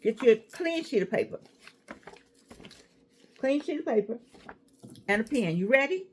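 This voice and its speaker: An older woman talks straight to her viewers, sassy and full of asides. Her voice sits a little high and leaps up and down with great animation. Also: animated, unhurried, slight background noise. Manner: chatty, sassy, digressive, laughs easily. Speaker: vlogger giving life advice. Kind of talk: casual chat to camera.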